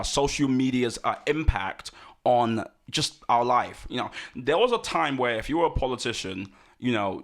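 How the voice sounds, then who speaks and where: A man hosting a podcast in casual chat, lively and talkative, jumping between loud excitement and quiet asides. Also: mid-range voice. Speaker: podcast host.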